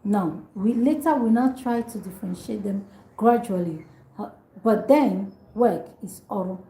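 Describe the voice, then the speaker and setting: A woman tutors beginners in a relaxed, chatty way, saying each phrase over and over with small asides. Her voice is mellow and soft-edged. The room gives it a clear echo. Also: mid-range voice. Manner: repeats phrases slowly for learners, chatty asides. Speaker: language tutor. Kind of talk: casual spoken language lesson.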